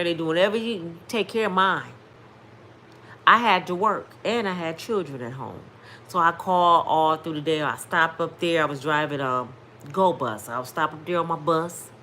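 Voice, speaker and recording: A woman's voice: sits low, normal speed, pushed and bright, a little hiss or hum. A woman in her fifties speaking directly to her viewers, telling a testimony in an emphatic, preacher-like way. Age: 50s. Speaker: vlogger sharing testimony. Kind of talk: casual storytelling testimony.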